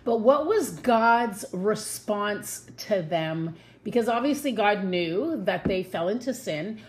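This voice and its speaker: A woman giving a casual devotional Bible talk from her home, earnest and chatty, slowing down to stress her points. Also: medium pitch, lively intonation. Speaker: Bible teacher.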